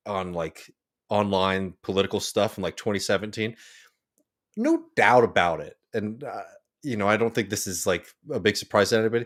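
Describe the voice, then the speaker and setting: Hesitant low-voiced man, sighing. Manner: hesitant, many fillers and sighs, restarts often. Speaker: podcast co-host. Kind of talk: casual political chat.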